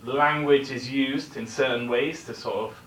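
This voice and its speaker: A man teaches a classroom lesson with a bright, ringing tone. The recorder sits at a distance in an echoey room, and there is faint ambience behind him. He explains each word patiently and keeps checking in with his students. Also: mid-range voice, fairly even intonation, a little slow. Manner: explaining, checks in with tag questions. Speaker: English teacher.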